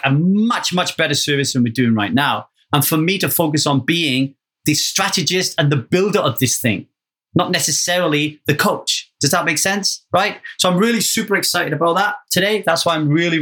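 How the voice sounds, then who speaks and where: A slightly husky man in a casual solo podcast talk, with a voice pitched a little high. He talks with lively energy, swears freely, and keeps checking in with the listener by asking "right?". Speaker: podcast host.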